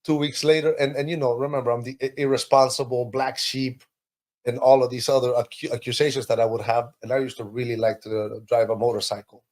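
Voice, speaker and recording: Appearing as a podcast guest, a Peruvian man tells his life story in conversation, speaking a little fast in a medium register. His telling is animated and emotional, with his pitch jumping up suddenly whenever excitement takes hold, as though he's living each moment again.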